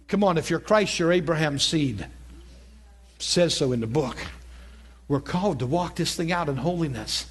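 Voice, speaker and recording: Husky earnest preacher man. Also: on the high side, animated, normal speed. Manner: earnest, conversational preaching with rising fervent peaks. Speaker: pastor teaching a ministry school. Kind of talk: sermon storytelling. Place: church hall before an audience.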